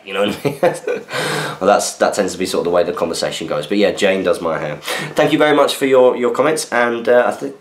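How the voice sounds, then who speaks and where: Male podcast host, chatty and easygoing, deeper voice, answers listener mail, echoey room sound. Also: animated, quick pace. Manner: chatty, reads listener messages aloud with asides. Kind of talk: casual chat. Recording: roomy echo.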